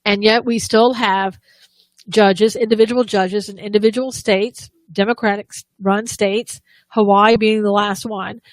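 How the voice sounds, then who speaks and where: A woman's voice: mid-range voice, steady tone, measured pace, no room sound. A woman co-hosting a live political talk show, giving opinionated commentary with frequent restarts and sarcastic asides.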